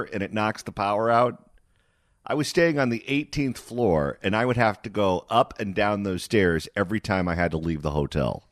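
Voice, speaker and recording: A man hosting a radio talk show, trading quick jokes and telling his own stories in casual banter. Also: lowish voice, dry recording, studio quality. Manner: joking, storytelling, quick quips.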